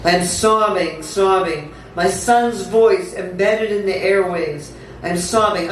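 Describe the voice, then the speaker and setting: A woman poet giving a live reading with a slow, incantatory delivery, repeating words for effect. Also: medium pitch. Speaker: featured poet. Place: theatre stage. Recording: echoey theatre, distant mic, faint hum.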